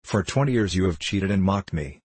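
A proud old knight boils over with harsh, scornful fury, as a man reads him aloud. The voice sits very low with a husky grain. The sound is dry and close. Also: lively intonation, a little fast, darkish tone, no echo. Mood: bitter fury.

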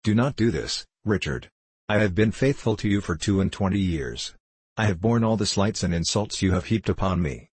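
A man's voice: deep voice, lively intonation, moderate pace, darkish tone, husky, no echo. A man voicing a terrified middle-aged lady who begs faintly. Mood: begging. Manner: faint, begging.

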